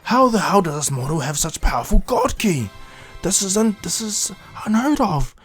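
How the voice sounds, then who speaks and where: A man's voice: high voice, sing-song, moderate pace, a bit bright, soft background music, pitched above the performer's own voice. A man voicing a haughty male godly overseer who exclaims in disbelief. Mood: astonished.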